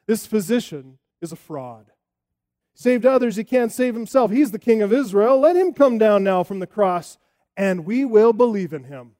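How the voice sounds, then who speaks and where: Mellow high-voiced male preacher. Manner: expressive preaching with rhetorical questions. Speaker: pastor. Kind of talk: sermon.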